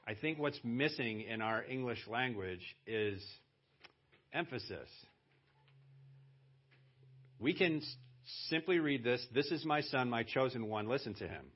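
A man's voice: medium pitch, expressive, normal speed. A man preaching a sermon as pastor, talking conversationally and then pressing hard on key words for emphasis. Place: church. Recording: dull lo-fi church sermon audio.

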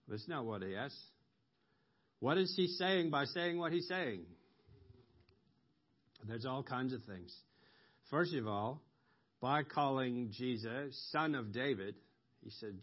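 A man preaching a sermon, explaining scripture slowly with pauses and ums, rising sharply when he quotes a cry for mercy. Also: mid-range voice, animated. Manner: slow, explanatory, with ums and emphatic rises on quoted cries. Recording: dull lo-fi recording.

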